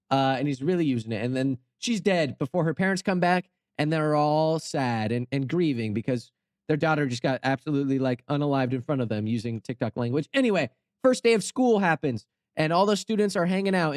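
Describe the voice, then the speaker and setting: High-voiced goofy young man. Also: no room sound, studio quality. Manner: goofy, rambling, sarcastic asides. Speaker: channel host. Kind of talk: comedic storytelling commentary.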